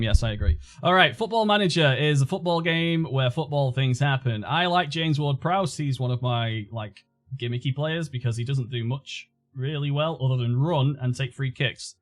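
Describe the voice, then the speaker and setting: A man's voice: medium pitch, no echo. A man streaming casually, sarcastic and joking, jumping between topics.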